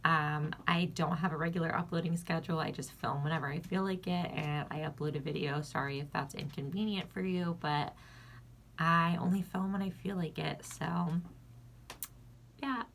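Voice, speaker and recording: A woman's voice: fairly low pitch, steady tone, moderate pace, a bit bright, slight background noise. A young woman telling a frank, casual storytime vlog, talking bluntly and filling her sentences with "like". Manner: chatty, filler-heavy with constant "like". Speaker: vlogger. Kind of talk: casual get-ready-with-me storytime.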